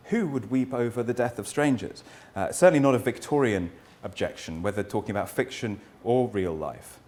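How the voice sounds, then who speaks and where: Speaking on the low side with a darkish tone, this middle-aged man lectures as a historian. His manner is earnest and reflective, full of rhetorical questions, with frequent pauses where he starts sentences over.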